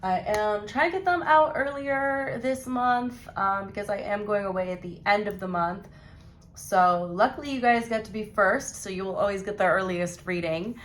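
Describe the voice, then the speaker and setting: A woman's voice: medium pitch, normal speed. A young woman giving a casual monthly tarot reading to her viewers, chatty and rambling as she talks straight to them. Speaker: tarot reader.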